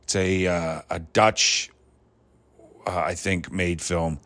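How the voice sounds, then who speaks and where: A man's voice: low voice, takes it slowly. A man talking in a rambling, reflective monologue full of fillers and restarts. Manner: reflective, grows more animated on points. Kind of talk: casual monologue.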